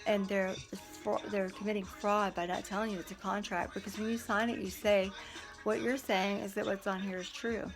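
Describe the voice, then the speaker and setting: A woman's voice: medium pitch, flat delivery, moderate pace. Blunt, indignant woman vlogging over music. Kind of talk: casual storytelling to camera.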